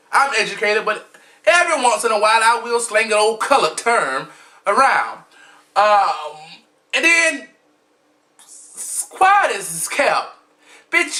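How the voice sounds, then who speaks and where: A man's voice: high voice, big pitch swings, unhurried, bright, forceful tone. A man giving a sassy, flamboyant, blunt gossip commentary as a vlogger, recording himself at home. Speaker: vlogger recapping a reality show. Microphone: camera mic, self-recorded.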